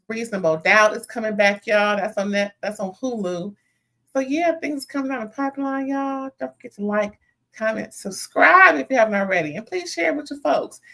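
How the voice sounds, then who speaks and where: A woman reviews a reality TV episode live for her viewers. She is animated and sassy and keeps her talk casual and direct. She speaks at an ordinary middle pitch. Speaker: reality TV recap host.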